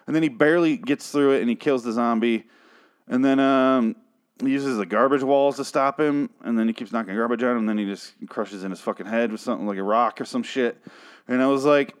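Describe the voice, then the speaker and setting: A man's voice: medium pitch, fairly quick, clear, resonant tone. An irritated man rants through a recap of a TV episode. He swears freely, talks in loose, casual bursts and backtracks to restart his sentences.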